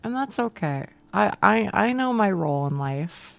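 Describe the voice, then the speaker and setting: A woman's voice: medium pitch, expressive, moderate pace, creaky, no echo. A young woman streaming a game from home on a close mic, chatting casually with chat, self-deprecating, stammering and swearing.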